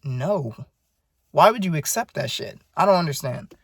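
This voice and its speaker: A young man of nineteen talks straight to camera in a rambling, profane video diary rant. His voice sits a little high for a man, and the recording is close and dry, with no room sound. He comes across earnest and blunt. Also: expressive, moderate pace, gravelly, husky, no echo. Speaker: vlogger.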